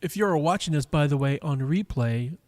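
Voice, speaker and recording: A man's voice: on the high side, expressive, moderate pace, darkish tone. Rambling man hosting a live stream. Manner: rambling, chatty, many fillers and restarts; teasing chat viewers. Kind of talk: casual live-stream chat. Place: cigar lounge. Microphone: microphone.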